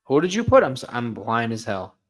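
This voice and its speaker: A man's voice: medium pitch, huge pitch swings, a little fast. A man co-hosting a live baseball stream, chatting casually, laughing often and giving strong opinions. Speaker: co-host of a live baseball watch-along stream. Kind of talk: casual live sports chat.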